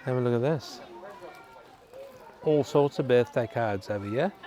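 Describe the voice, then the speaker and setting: An Australian vlogger with a mellow, mid-range voice strolls unhurriedly through an indoor department store in a shopping centre. He chats casually to viewers and reads out prices as he goes.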